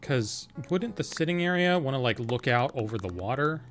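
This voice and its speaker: A man's voice: mid-range voice, lively intonation, normal speed, faint music behind. A man casually commenting on his gameplay, thinking aloud in a chatty, playful way and answering his chat. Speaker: game streamer.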